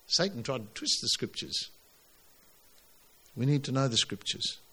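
A man preaching a sermon to his congregation, emphatic and animated, pushing his voice up on key lines. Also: mid-range voice, a little slow, breathy edge. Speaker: pastor.

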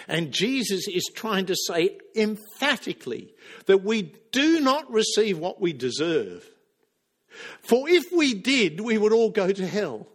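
A man preaching a sermon with passion, acting out the quoted speakers' lines and dropping to a hush for emphasis. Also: high voice, big pitch swings, measured pace. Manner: impassioned, acts out quoted lines.

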